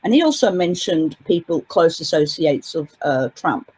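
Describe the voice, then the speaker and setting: A woman's voice: sits low, very animated, moderate pace, darkish tone, slightly rough, low-quality recording. A woman giving a casual interview as a guest commentator, talking in long winding sentences with many fillers and restarts. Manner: hesitant, with frequent fillers. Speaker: guest commentator on a court case.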